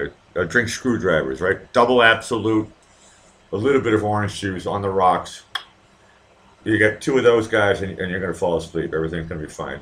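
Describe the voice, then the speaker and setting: A man's voice: on the low side, pushed and bright, a little hiss or hum. Rambling, profane man with a Boston accent. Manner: rambling, profane, chatty with viewers. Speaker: live stream host. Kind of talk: casual live stream chat. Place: home in Vienna.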